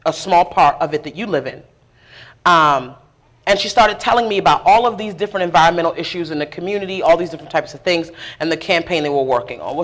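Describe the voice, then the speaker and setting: In a live interview before an audience, a middle-aged woman who organizes around food justice tells her story conversationally. Her voice is lowish, and she speaks candidly, with lively asides and laughter at her own expense.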